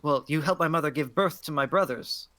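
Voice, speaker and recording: A woman's voice: deep voice, fairly bright tone. Woman playing a timid, shaken young woman. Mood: bewildered. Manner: hesitant, halting speech. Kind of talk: tabletop role-play character voice.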